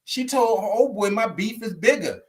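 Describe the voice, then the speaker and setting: A man co-hosting a podcast, excitedly joking through a TV recap in casual chat and quoting the characters. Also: high-pitched, moderate pace. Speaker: podcast co-host.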